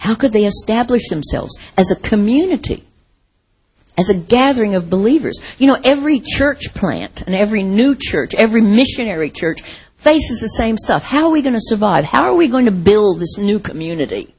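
A middle-aged American woman from the Midwest preaching a sermon in a conversational, animated way, often laughing and acting out quotes. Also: mid-range voice, moderate pace, slightly rough, poor audio.

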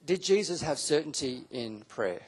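A man teaching a Bible school class to a live audience, animated and acting out quotes with sudden leaps in pitch. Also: moderate pace, husky. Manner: animated, acts out quotes with big pitch jumps. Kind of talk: teaching sermon.

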